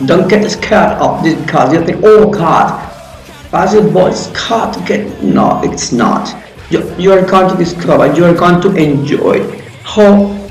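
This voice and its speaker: A man teaching an English grammar lesson, explaining step by step in a friendly way with some phrasing. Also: a little high. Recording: roomy echo with faint music.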